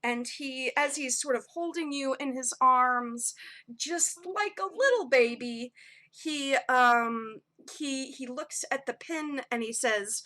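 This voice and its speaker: A woman narrating a homebrew tabletop game as game master, relaxed and full of ums. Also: sits high, slow. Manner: relaxed storytelling with frequent ums.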